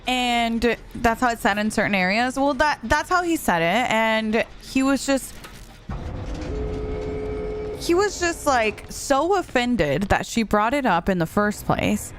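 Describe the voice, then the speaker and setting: A young adult woman streaming a game, chatting casually and telling a story in an animated way, with lots of "like.". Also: mid-range voice, slight background noise. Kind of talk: casual chat while gaming.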